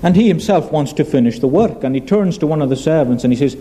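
Dark-voiced man preaching a sermon. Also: on the high side, lively intonation, low-quality recording. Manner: earnest, measured preaching with slow emphatic phrases. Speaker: pastor.

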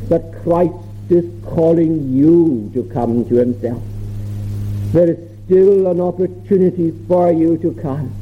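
A man preaching a sermon, earnest and measured, repeating phrases for emphasis. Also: on the high side, faint music behind. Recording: tinny phone-like sermon recording.

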